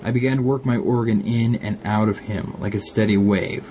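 Low-voiced Glaswegian man reading a story. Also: steady tone, normal speed, mellow, slight background noise. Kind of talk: reading an erotic story aloud.

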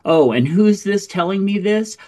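A man co-hosting a casual political chat, talking in an animated, exasperated way and swearing freely. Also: high voice, moderate pace.

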